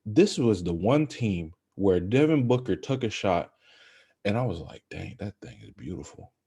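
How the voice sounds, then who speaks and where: A young man co-hosting a podcast, chatting about basketball in a casual, animated, rambling way. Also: lowish voice, moderate pace, slightly rough. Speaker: podcast co-host. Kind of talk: casual sports chat.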